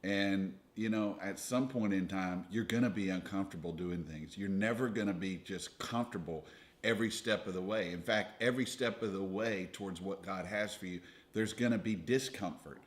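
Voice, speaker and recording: A young man co-hosting a ministry video with his wife, giving steady, earnest advice in a casual, preacher-like way. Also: low-pitched, normal speed. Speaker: ministry leader, co-host with wife.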